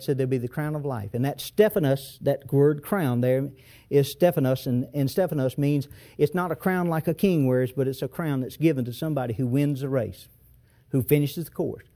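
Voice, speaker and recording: Mellow-voiced man preaching a sermon. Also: medium pitch. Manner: emphatic, repetitive rhetorical questions. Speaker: pastor.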